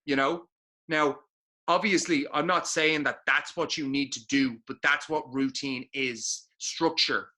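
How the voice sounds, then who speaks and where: Bright-voiced, foul-mouthed motivational man. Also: medium pitch, steady tone, measured pace. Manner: blunt, heavy swearing, emphatic repetition. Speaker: podcast co-host. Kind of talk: motivational podcast talk.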